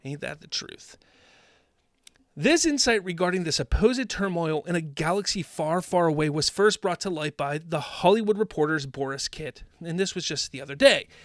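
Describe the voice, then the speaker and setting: A man with a high voice hosts a commentary show, sarcastic and emphatic as he mocks and hammers his points. The sound is dry and close, with no room around him. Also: lively intonation, moderate pace, a bit bright, no room sound. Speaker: host. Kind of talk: opinionated commentary.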